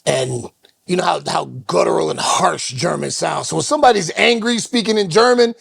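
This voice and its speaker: A man co-hosting a podcast, telling an animated road story in casual chat and acting out the voices in it. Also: fairly high pitch, moderate pace, creaky, slightly rough. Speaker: co-host.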